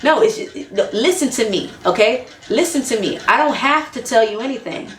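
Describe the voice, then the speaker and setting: At a normal speed, a woman with an expressive, slightly high voice dishes out blunt relationship advice in a chatty monologue. Laughter comes often, key points get repeated, and the space sounds echoey.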